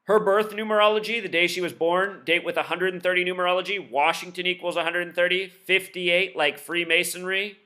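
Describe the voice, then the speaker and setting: Fast-talking, insistent male commentator. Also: high voice, fairly even intonation, pushed and bright. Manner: rapid-fire, insistent, admits talking too fast; lists numbers and codes in rapid bursts. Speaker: video commentator. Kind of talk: solo explainer monologue.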